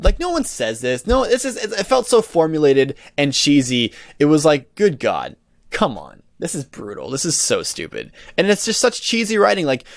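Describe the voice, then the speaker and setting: A man's voice: on the high side, dry recording, studio quality. A young man hosting a solo podcast, ranting in an exasperated, rambling way with lots of restarts and swearing. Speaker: podcast host. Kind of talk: casual solo podcast rant.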